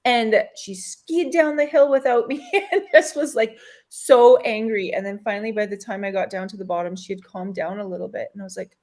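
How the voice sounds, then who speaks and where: A woman chatting on an online talk show, telling a personal story in an earnest, open way. Her voice sits at a middle pitch, and she breaks into light laughs as she goes. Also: fairly even intonation, a little fast, darkish tone. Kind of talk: casual chat.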